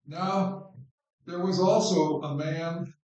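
Slow, echoey preaching man. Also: fairly high pitch, a little mellow, lo-fi sound. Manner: unhurried, conversational, repeats words for stress. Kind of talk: informal sermon on scripture. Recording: very echoey room, distant mic.

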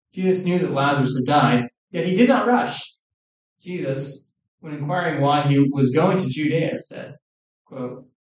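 Male preacher, earnest sermon delivery, slightly high voice, far off in an echoey hall. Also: darkish tone. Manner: earnest, measured, quoting scripture. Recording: echoey room, distant mic.

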